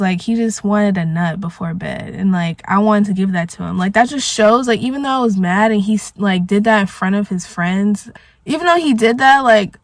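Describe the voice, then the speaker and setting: Mid-pitched and free of any room sound, a young woman vlogger rambles emotionally through a storytime while smoking. "Like" fills nearly every sentence.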